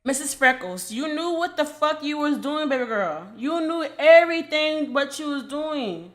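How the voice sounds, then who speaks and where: High-voiced woman ranting bluntly. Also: lively intonation, moderate pace, hardly any pauses, a bit bright. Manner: blunt, repetitive, profane scolding. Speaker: commentary creator. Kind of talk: casual commentary rant.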